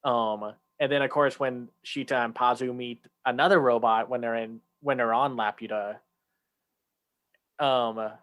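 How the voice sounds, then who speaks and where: A man's voice: mid-range voice, fairly even intonation, unhurried, a bit bright. A man co-hosting a casual chat, talking loosely with many fillers and restarts, sometimes acting out lines in a raised voice. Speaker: podcast co-host.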